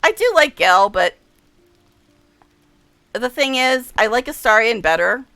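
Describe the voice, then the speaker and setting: A woman streamer chatting casually over her gameplay, giggly and talkative, with hushed asides. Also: fairly high pitch, expressive, a little slow, clear, resonant tone, dry recording, soft background music, rough recording. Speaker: streamer playing a game.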